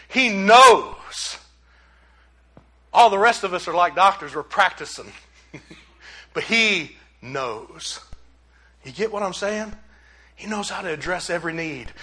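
A man's voice: high voice, pushed and bright, rough recording. A male pastor preaching a sermon in a conversational, emphatic way full of rhetorical questions.

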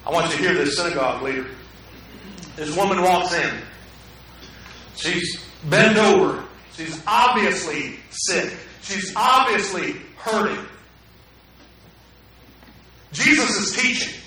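A pastor preaching a sermon in a conversational way, often putting questions to the congregation, in a church sanctuary. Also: male voice, sits high, animated, takes it slowly, pauses often, pushed and bright, slight background noise. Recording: echoey hall, mic at a distance.

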